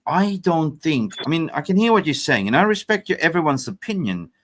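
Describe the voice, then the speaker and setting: Animated, chatty football show host. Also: male voice, fairly high pitch, fairly quick. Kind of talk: live fan show chat.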